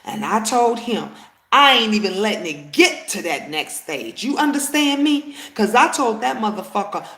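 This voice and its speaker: A woman's voice: fairly high pitch, big pitch swings, moderate pace, fairly bright tone, reverberant. A woman telling a personal story to her viewers in casual chat, emphatic and heated, often turning to address them directly.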